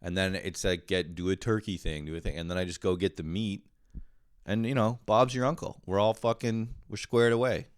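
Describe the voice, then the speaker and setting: A man's voice: deep voice, fairly even intonation, normal speed, clear, resonant tone, dry recording, studio quality. A man hosting a podcast, talking in a rambling, profane casual monologue full of fillers. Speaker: podcast host.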